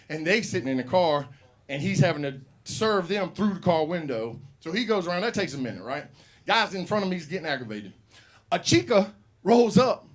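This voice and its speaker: A man hosts a live open mic comedy show, talking to the crowd with loose, profane storytelling. His voice sits high and swings widely up and down as he riffs. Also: husky. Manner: profane, rambling, animated storytelling. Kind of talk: stand-up comedy hosting. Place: comedy club. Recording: live room with audience.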